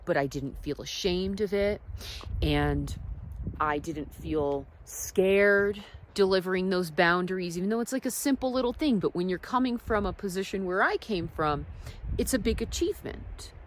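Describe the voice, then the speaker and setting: A woman telling personal stories in a casual, reflective vlog. She drifts between soft asides and emphatic points. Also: fairly low pitch, expressive, normal speed, slight background noise. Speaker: wellness vlogger.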